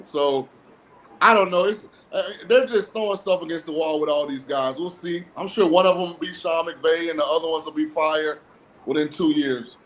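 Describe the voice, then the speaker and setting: A man chats about football as a show guest, blunt and dryly sarcastic as he breaks down the latest coaching moves. His voice sits a little high for a man, with a faint hum of room noise behind him. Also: normal speed, low-quality recording. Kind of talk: casual sports talk. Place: lives in a cold-weather state.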